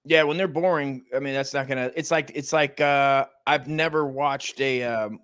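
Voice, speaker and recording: A man's voice: medium pitch, fairly even intonation, moderate pace, fairly bright tone, smooth. An American man co-hosting a casual comedy podcast, rambling and profane, trailing off mid-sentence. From United States. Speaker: co-host.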